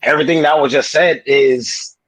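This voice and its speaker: A man's voice: medium pitch, steady tone, moderate pace, a bit bright, no room sound, low-quality recording. A man on a casual podcast, politely and hesitantly cutting into the conversation.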